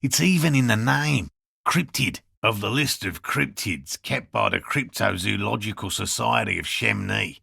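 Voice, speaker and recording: Earnest, patient cryptozoologist; bright, tense, gravelly game voice, precise and lecturing. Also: male voice, fairly low pitch, animated, a little slow, dry recording, clean studio sound, heavily acted. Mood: explaining. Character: earnest middle-aged male cryptozoologist, patient and hopeful. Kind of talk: video game voice acting.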